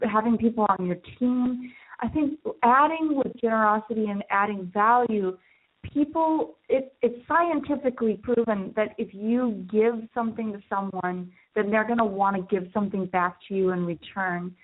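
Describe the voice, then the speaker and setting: A woman business coach, a podcast guest, giving enthusiastic advice in conversation. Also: mid-range voice. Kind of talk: conversational interview. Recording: tinny phone-like line.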